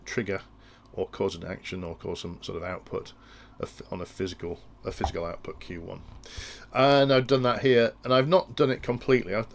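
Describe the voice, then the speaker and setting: A man's voice: lowish voice, gravelly, a little hiss or hum. A man explaining industrial control logic in a tutorial, thinking aloud and often restarting his sentences. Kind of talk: technical tutorial walkthrough.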